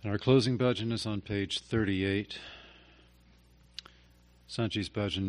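A man reading a hymn translation aloud in a slow, measured, solemn way. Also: fairly low pitch, fairly even intonation, darkish tone. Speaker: reader at a spiritual gathering.

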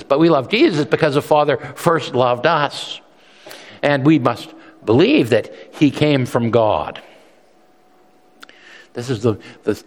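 A male pastor preaching a sermon in an earnest, emphatic way, often repeating words as he restarts. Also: mid-range voice. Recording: long reverb from a large hall.

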